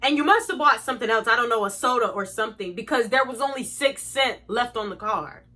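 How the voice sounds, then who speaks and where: Sharp-toned and brisk, this young vlogger's voice runs on the high side as she delivers a storytime rant to viewers. She's blunt, swears freely and sounds thoroughly indignant.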